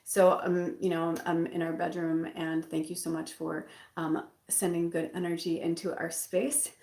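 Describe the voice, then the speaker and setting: A woman's voice: on the low side, flat delivery, moderate pace, a little mellow. A woman tarot reader chatting casually from her bedroom, rambling with fillers and restarts. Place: bedroom at home. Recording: roomy echo.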